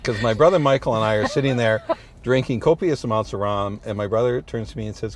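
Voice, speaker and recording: Middle-aged priest, deep-ish voice, rambling and good-humored, road noise of a moving car behind him. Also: male voice, quick pace. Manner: rambling, many restarts and "you know"s, good-humored. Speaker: priest, interview guest. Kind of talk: casual storytelling chat.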